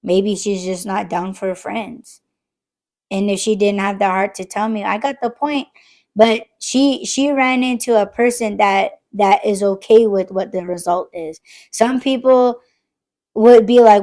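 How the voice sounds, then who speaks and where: Profane, animated woman podcast host. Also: a little high, a little slow. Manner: profane, animated, acts out quoted exchanges. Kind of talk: casual late-night chat.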